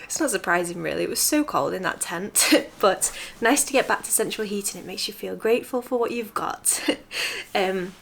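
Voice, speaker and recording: A woman's voice: mid-range voice, animated, moderate pace, vocal fry, a bit bright. A woman vlogger chatting casually to camera while coming down with a cold, often laughing between sentences. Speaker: lifestyle vlogger.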